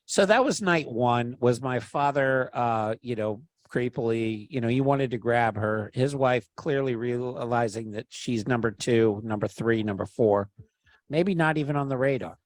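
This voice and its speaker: A man in the middle of a rambling story, cursing all the time and jumping into loud put-on voices whenever he quotes someone. His pitch sits right in the middle for a man, and the mic is close and dry, with no room sound around him. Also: measured pace, no room sound. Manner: animated, swears freely, acts out quotes loudly. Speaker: podcast storyteller. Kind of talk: casual storytelling chat.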